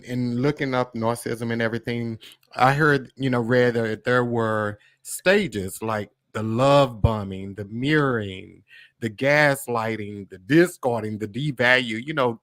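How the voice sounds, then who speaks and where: A man's voice: medium pitch, a bit bright, no echo. Male podcast host asking questions, dry. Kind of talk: interview questions.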